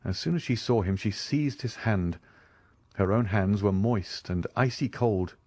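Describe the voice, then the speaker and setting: A man narrating a classic novel as an audiobook reader, expressive storytelling. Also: fairly low pitch, a little slow, dry recording.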